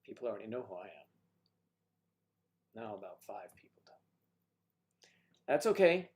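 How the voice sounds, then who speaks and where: A man's voice: fairly low pitch, very animated, moderate pace, darkish tone. A man hosting a casual livestream chat with guests, rambling and teasing with jokes, talking into a computer mic. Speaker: livestream host.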